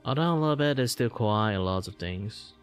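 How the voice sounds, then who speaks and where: A man's voice: lowish voice, animated, a little fast, clear, resonant tone. A man from Malaysia hosting a casual livestream, rambling through his points with lots of "like", fillers and the odd swear. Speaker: streamer host. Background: music he is playing.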